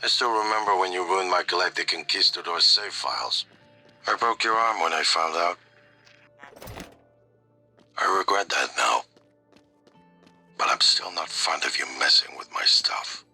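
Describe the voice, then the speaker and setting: Older brother in a game, low husky voice, bright edge, measured and reproachful. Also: male voice, expressive, faint music behind, heavily acted. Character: adult man scolding his younger sibling calmly. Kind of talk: game character dialogue.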